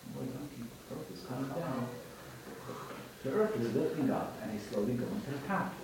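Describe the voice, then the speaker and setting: A man leads an informal religious class, telling students parables in a conversational way and frequently repeating and restarting phrases. His voice is mid-range, expressive, and at a normal speed. The room is very echoey, the mic sits far away, and there's background noise.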